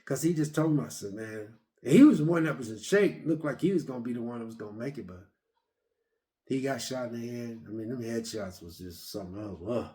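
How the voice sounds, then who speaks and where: A man's voice: medium pitch, a little fast. Rambling man reviewing a movie. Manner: rambling, animated retelling with many repeats and fillers.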